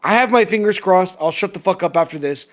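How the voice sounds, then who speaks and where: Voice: medium pitch, lively intonation, brisk. Heated, profane co-host ranting. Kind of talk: casual review chat.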